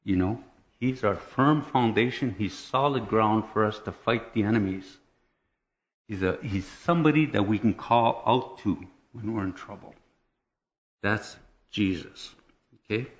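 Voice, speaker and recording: A man with a fairly low voice tells a personal testimony as a lively, chatty story, often chuckling and checking in with his listeners. The recording is dull and a little lo-fi. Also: unhurried. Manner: animated storyteller, chuckles, checks in with "right?" and "okay?".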